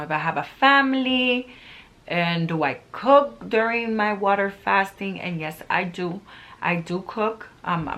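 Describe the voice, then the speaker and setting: Talking to camera in a casual, motivational way, a middle-aged woman sounds earnest and emphatic, repeating phrases to hammer home her points. Her pitch is fairly low and her tone fairly bright.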